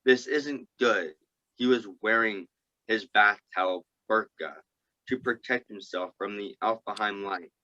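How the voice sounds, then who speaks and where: A man reading a novel aloud to a group, halting and stumbling over words and restarting. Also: lowish voice, sharp tone, muffled recording. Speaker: group reader.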